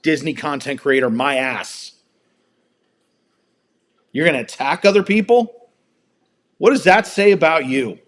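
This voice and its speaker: A man at home delivers a heated rant on his live stream, swearing freely. His voice sits a little higher than most men's. He punches each line with angry emphasis. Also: measured pace, long pauses. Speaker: livestream host.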